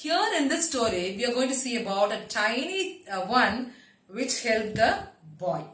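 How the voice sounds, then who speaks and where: A woman's voice: fairly high pitch, sing-song, normal speed, a bit bright. A woman teacher with a Tamil accent telling a story to children, chatty and asking them questions. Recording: echoey room.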